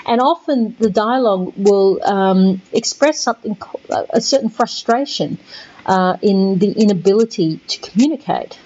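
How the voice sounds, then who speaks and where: A woman giving a recorded literature lecture over slides, chatty and halting, with many fillers and restarts. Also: medium pitch, lively intonation, a little mellow, highs cut off. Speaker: literature teacher.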